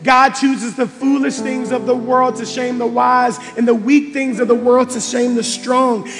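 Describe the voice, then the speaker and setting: High-voiced, gravelly preaching pastor. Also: male voice, flat delivery, measured pace, hardly any pauses. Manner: passionate preaching, building to shouts. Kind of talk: sermon. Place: church sanctuary. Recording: reverberant church hall with faint music.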